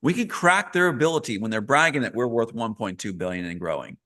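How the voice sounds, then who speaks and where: A man's voice: mid-range voice, expressive, quick pace, sharp tone. A man as a live interview guest, talking earnestly and emphatically, repeating key phrases.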